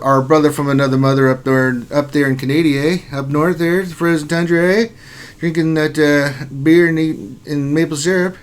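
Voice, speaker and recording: A man's voice: a little high, fairly bright tone. A man hosting a casual gaming livestream, reading viewers' names aloud in an upbeat, jokey way. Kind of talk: casual live-stream chat.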